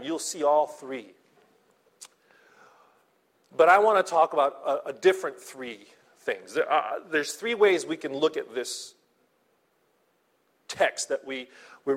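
A man's voice: fairly high pitch, fairly bright tone. Conversational man preaching a sermon. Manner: conversational, checks in with "okay?" and "right?"; repeats and restarts words, laughs lightly. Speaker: pastor.

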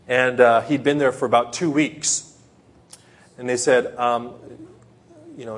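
A man's voice: medium pitch, fairly even intonation, moderate pace. A man preaching a sermon in a church in Japan, retelling stories with frequent restarts and self-corrections. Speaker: pastor.

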